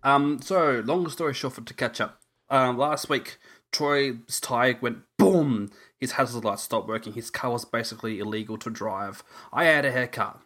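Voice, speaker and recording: A man co-hosting a casual podcast, chatty and quick to laugh, telling jokey stories. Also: mid-range voice, sharp tone. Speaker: podcast co-host. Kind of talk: casual chat.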